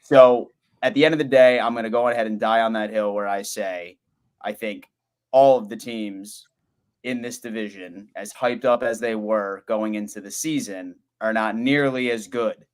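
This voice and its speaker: A sports roundtable panelist with a lowish voice, laying out his opinion deliberately and padding it with "um" and "I mean". Casual debate talk. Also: clear, resonant tone. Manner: opinionated, deliberate, filler-heavy.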